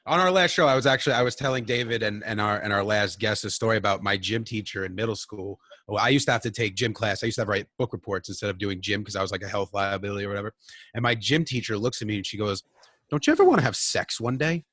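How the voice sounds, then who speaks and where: A man's voice: lowish voice, quick pace, pushed and bright, no room sound. A man hosting a podcast, talking in a blunt, jokey and profane way. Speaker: podcast host. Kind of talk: casual podcast chat.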